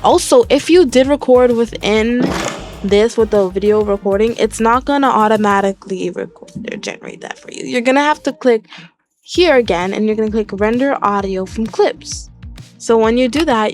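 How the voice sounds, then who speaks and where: Chatty young female tutorial host, rambling and giggly, slightly high voice, faint music behind. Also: a little mellow. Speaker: Minecraft tutorial YouTuber. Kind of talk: casual screen-recorded tutorial.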